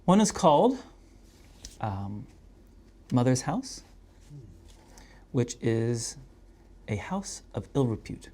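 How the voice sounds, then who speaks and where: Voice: medium pitch, big pitch swings, mellow. A game master narrating a tabletop game in a playful, chatty way. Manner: playful, chatty, quickly laughing.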